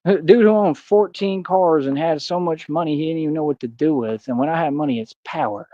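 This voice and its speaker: A man's voice: on the high side, fairly quick, mellow, dry recording. A man ranting defiantly in a boastful monologue, full of street slang and taunts aimed at his critics. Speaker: streamer. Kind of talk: confrontational monologue. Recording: dull dry sound.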